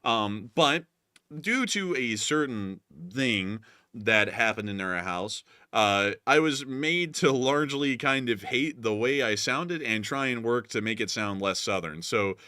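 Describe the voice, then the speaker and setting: This young man hosts a live stream, talking in a chatty, rambling way packed with fillers. He's from the American South, though his accent is light and mostly neutral. His voice is fairly low and sharp, captured with clean studio sound and no room noise.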